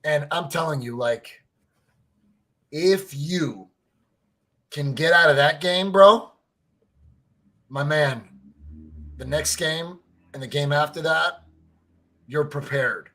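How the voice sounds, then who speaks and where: Man, casual podcast co-host, raised pitch, excitable, profane, chatty storyteller. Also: slow, long pauses. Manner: animated storyteller, swears freely, peppers speech with "like" and "right?"; excitable, fan-to-fan talk addressing listeners as family. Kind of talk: casual sports podcast chat.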